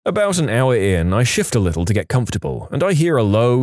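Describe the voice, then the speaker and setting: A man narrating scripted spooky anecdotes in an animated storytelling manner. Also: moderate pace, few pauses, dry recording, studio quality. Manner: animated storytelling with lively pitch swings.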